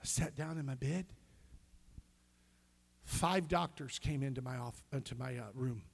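A middle-aged male pastor telling a personal story in a sermon, swinging between hushed near-whispers and loud emotional peaks. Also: medium pitch, measured pace, gravelly, slightly rough.

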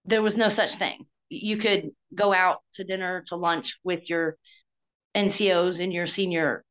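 A woman's voice: on the low side, fairly even intonation, unhurried, a bit bright. A woman, an Army veteran, telling her story in an earnest, reflective way during a casual interview.

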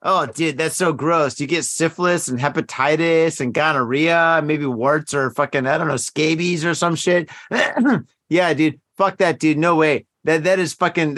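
A man's voice: on the high side, normal speed, fairly bright tone, dry recording. Brief: profane, rambling male podcast host. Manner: heavily profane, rambling and emphatic. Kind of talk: casual drinking podcast chat.

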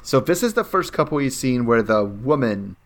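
A woman's voice: extremely low pitch, animated, moderate pace. A woman co-hosting a podcast, giving wry, sarcastic casual commentary on a reality show. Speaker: podcast co-host.

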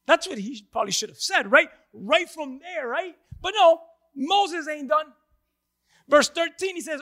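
A man preaching a sermon with passion, repeating words and rising to shouts. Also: very high-pitched, animated, moderate pace.

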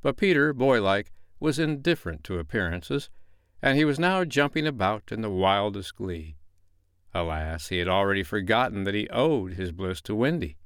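Expressive male storyteller, lively reading. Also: lowish voice, normal speed, clear, resonant tone, no room sound, studio quality. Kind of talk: audiobook narration of a classic novel.

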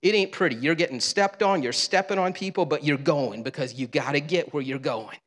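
A man's voice: a little high, a little fast, fairly bright tone. A male pastor preaching a sermon in a conversational, humorous way in a church sanctuary. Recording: long reverb of a large hall.

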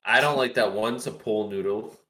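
A man's voice: fairly low pitch, moderate pace, over a noisy crowd. A man in a casual movie review chat, complaining in a wry, exasperated way.

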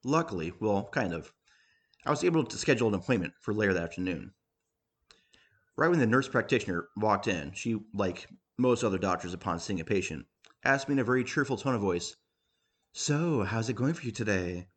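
A man's voice: on the low side, lively intonation, a little fast, a bit bright, breathy edge. A man reading humorous writing aloud in a dry, matter-of-fact way. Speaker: reader.

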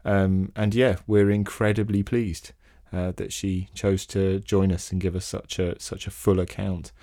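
A man's voice: low-pitched, flat delivery, unhurried, warm tone, no echo, studio quality. A man hosting a podcast, introducing a guest in a loose, wry way with many ums. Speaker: podcast host.

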